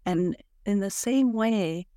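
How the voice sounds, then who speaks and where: A woman's voice: medium pitch, takes it slowly, dry recording, clean studio sound. A woman in her sixties, a podcast guest, talking reflectively and thoughtfully about personal experience. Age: 60s. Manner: thoughtful, soft-spoken, with light laughs.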